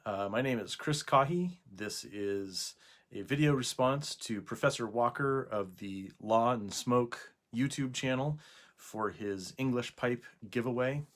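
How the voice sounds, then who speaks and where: A man talking casually to camera indoors for a video response, hesitant, with frequent pauses and fillers. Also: medium pitch, a bit bright. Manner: hesitant, with many fillers and restarts. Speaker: YouTuber making a video response. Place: indoors at night.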